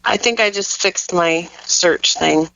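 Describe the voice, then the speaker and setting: Man, podcast co-host, bright forceful tone, dry close sound, easygoing chat. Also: high-pitched, takes it slowly, gravelly, smooth, dry recording, lo-fi sound. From Colorado. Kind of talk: casual chat.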